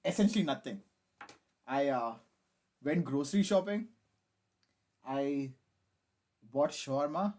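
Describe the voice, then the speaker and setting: A man's voice: a little high, animated, a little slow, pauses often, darkish tone. A young man, chatting on a casual live stream while building a model kit, hyper, giggly, swearing and rambling. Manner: hyper, giggly and profane, rambling self-mockery.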